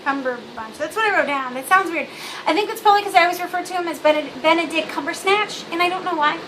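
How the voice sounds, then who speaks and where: A woman's voice: very high-pitched, fast. A young woman talking casually in a vlog, bubbly and blunt, rambling with lots of fillers like a Valley girl. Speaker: vlogger. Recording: noisy home recording.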